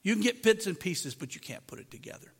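High-voiced preaching man in a reverberant hall. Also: animated, quick pace, slightly rough. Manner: conversational preaching with rhetorical questions. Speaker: pastor. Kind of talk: sermon. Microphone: microphone.

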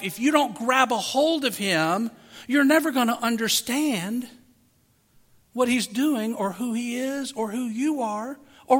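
High bright-voiced male preacher in a hall. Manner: emphatic preaching with rhetorical questions to the listeners. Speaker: pastor. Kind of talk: sermon. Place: large room with a congregation. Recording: long hall reverb.

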